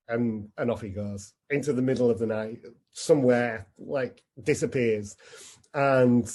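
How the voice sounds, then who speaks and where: Male speaker, reflective storyteller, mellow, slightly raspy voice. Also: mid-range voice, normal speed. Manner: earnest and reflective. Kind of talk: personal storytelling talk.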